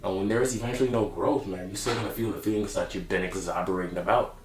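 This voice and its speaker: A man's voice: low voice, fairly even intonation, quick pace, roomy sound, rough recording. A man speaking casually to camera in a reflective, heartfelt monologue, slangy and open. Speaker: vlogger.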